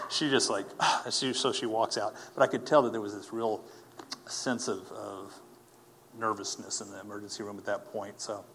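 A man telling a personal faith testimony as a story, earnest and animated, acting out the people he quotes. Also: on the low side, normal speed, a little hiss or hum. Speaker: speaker giving a personal testimony.

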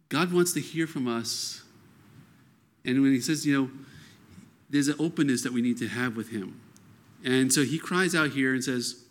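A man preaching a sermon, earnest and conversational, reading scripture and breaking into animated quoted outbursts. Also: mid-range voice, moderate pace, pauses often. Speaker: pastor.

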